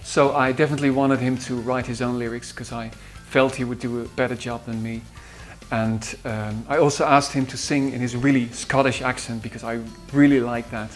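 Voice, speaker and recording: Against faint guitar music, a Dutch composer recalls the singers he worked with during an interview. He speaks a little fast in a steady, medium-pitched voice with a Dutch accent, pausing to hesitate and using many fillers and restarts.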